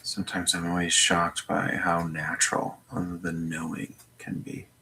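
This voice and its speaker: A man guiding a mindfulness meditation from his home in a slow, gentle voice with long pauses. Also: deep voice, completely flat delivery, vocal fry, slight background noise. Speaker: meditation teacher. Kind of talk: guided meditation.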